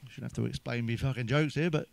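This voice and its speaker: A man's voice: medium pitch, steady tone, fast, vocal fry, dry recording. An English man doing crude one-liner stand-up, swearing heavily and laughing at his own jokes. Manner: sips a drink between jokes. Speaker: stand-up comedian.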